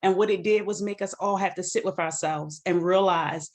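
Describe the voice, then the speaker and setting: A woman's voice: on the low side, steady tone, moderate pace, a little mellow. A woman author giving an earnest personal testimony about grief on a video call, sometimes quoting scripture. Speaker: guest author.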